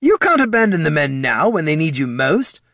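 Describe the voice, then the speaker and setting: A man's voice: on the high side, sing-song, moderate pace, creaky, a bit bright, dry recording, clean studio sound, voice pushed up, heavily acted. A man doing a stern, growling army captain. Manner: growling, firm.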